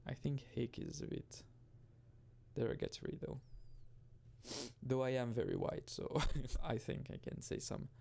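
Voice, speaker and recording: Gravelly rambling gameplay commentator man. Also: medium pitch, lively intonation, measured pace, pauses often, warm tone. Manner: rambling, self-interrupting, swears casually. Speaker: gaming video host.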